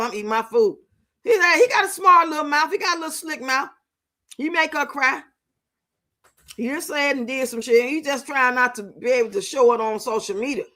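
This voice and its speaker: Bright, high-pitched woman live-stream host, casual, profane, laughing, teasing. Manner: loud, profane, laughing and teasing, reads out chat comments. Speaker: livestream host. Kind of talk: casual live-stream chat reacting to a reality show.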